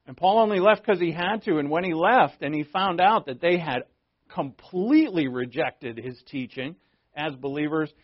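A man preaches in a church, his voice sitting a little high for a man. He keeps his delivery animated and playful, jumping up and down in pitch to land his jokes. The recording is dull and lo-fi. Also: moderate pace. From New England. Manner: animated and joking, with big pitch swings. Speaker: pastor. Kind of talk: sermon.

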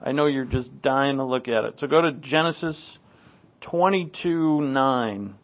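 A man from New England teaches scripture in a relaxed, joking sermon, drifting into asides as he goes. His voice sits at an ordinary middle pitch. The sound is thin and narrow, like it came down a phone line. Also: unhurried. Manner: conversational and wry, with asides and dry jokes. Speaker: pastor. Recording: tinny phone-like recording.

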